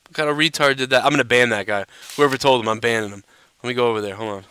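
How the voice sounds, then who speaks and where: A man hosts a live stream, rambling and cursing freely with constant fillers. His voice is bright and forceful, smooth and clear. The sound is dry and close to the mic. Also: mid-range voice, racing, no room sound. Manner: profane, rambling, lots of "you know". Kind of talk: casual live-stream rant.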